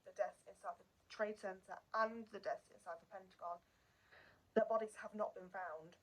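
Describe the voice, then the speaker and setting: A woman's voice: medium pitch, fairly even intonation, moderate pace, rough recording. A woman hosting a true crime channel, telling the story in a casual, unscripted way. She is earnest and emotional and repeats words for emphasis.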